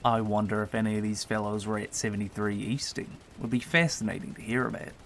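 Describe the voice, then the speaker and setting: A man's voice: fairly low pitch, flat delivery, fast, fairly bright tone, slight background noise. A man voicing an eager male soldier who lectures about old tanks. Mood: lecturing. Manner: lecturing, enthusiastic.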